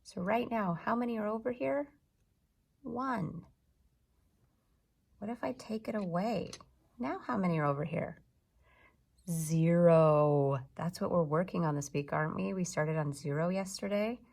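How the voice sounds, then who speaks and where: A woman teacher giving a video lesson to young children, sounding out words slowly and clearly. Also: medium pitch. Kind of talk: early-grades classroom video lesson.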